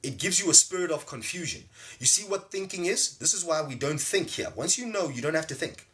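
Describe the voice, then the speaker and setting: On a livestream, a spiritual teacher and host gives a casual talk and shouts out viewers by name from the chat. He sounds loose and emphatic, repeatedly asking "see?" to drive points home. His voice is a little high, expressive, brisk and a bit bright.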